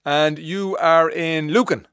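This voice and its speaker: A man's voice: fairly high pitch, steady tone, slow pace, a bit bright, clean tone, no room sound. An Irish man hosting a radio show in a studio, chatting with callers in a teasing way and often restarting his sentences. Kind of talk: casual radio chat. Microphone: studio microphone.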